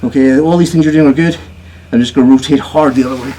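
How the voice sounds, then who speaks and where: A man leads a jiu-jitsu class at a retreat, explaining each move while he demonstrates it. His speech comes in short, halting bursts, and he keeps checking in with his students. The recording carries clear background noise from the training room. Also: medium pitch, steady tone, dark tone, rough recording. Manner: chatty, checks in with "okay?" often; talks while moving on the mat, halting phrases. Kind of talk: live technique demonstration.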